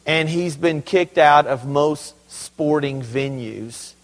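A man's voice: on the high side, takes it slowly, long reverb tail, low-quality recording. A man preaching a sermon as pastor, emphatic and conversational, with humorous asides to his congregation. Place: church sanctuary.

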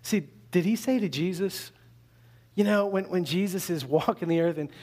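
A man from Canada preaching a sermon in a conversational, animated way, full of rhetorical questions. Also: sits high, normal speed. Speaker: pastor.

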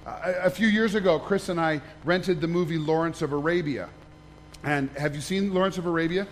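A man's voice: fairly high pitch, fairly quick, faint music behind. A man, a pastor, giving a conversational sermon, joking and asking the congregation questions.

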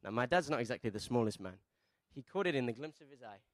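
A pastor preaches a sermon, putting questions to the congregation and calling for their responses. His medium-pitched voice is animated and fast, swinging between soft asides and loud, emphatic peaks.

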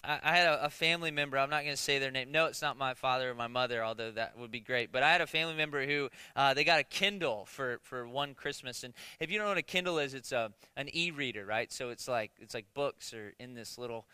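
A man's voice: mid-range voice, fast, few pauses, pushed and bright, smooth, dry recording. A man preaching a conversational sermon as pastor, joking with the congregation, stumbling into restarts and often asking "right?". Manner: conversational, jokey, many restarts and rhetorical "right?".

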